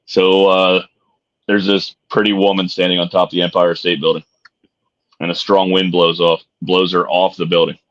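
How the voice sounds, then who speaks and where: Middle-aged male co-host, very low and easygoing, swears freely and jokes, muffled lo-fi audio. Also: flat delivery, normal speed, a bit bright. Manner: laid-back and profane, jokey. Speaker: podcast co-host. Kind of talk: casual chat. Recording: dull lo-fi sound.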